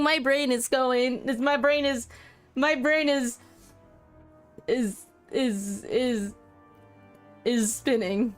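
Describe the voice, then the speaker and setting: A woman's voice: sits high, drawn-out words, pauses often, a bit bright, soft background music. A woman streamer giving casual, rambling commentary on a game, with restarts and swearing.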